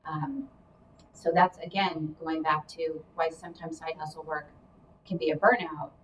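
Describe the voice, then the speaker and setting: A woman talks through career advice in a chatty, explanatory way, now and then adding a hedging aside. Her voice sits a bit low. She sounds a little distant from the mic, with faint noise behind her. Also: steady tone, unhurried. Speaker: career coach guest. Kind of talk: casual advice chat.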